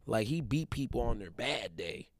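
A man's voice: medium pitch, lively intonation, moderate pace, dry recording. Emphatic man hosting a podcast. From Detroit. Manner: casual, emphatic, keeps checking in with listeners. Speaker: podcast host. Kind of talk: motivational monologue.

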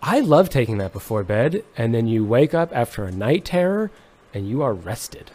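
A young man, a musician, on a podcast, chatting casually in a deadpan, mock-serious joking way. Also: mid-range voice, normal speed. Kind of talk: casual comedic chat.

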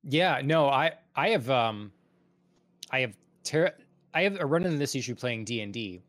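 A man hosting a casual stream chat, relaxed and a bit hesitant, with many fillers. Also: medium pitch, moderate pace, no echo, studio quality. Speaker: stream host.

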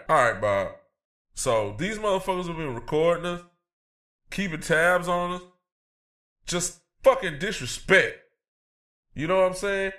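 A man playing a brash, cocky comedic talk-show persona, ranting loudly with profanity and laughing through his lines. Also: on the high side. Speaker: segment host. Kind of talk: comedic in-character rant.

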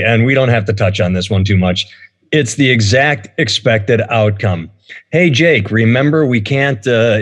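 A man hosting a casual comedy podcast, reading news stories aloud and riffing on them with sarcasm. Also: medium pitch. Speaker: podcast host.

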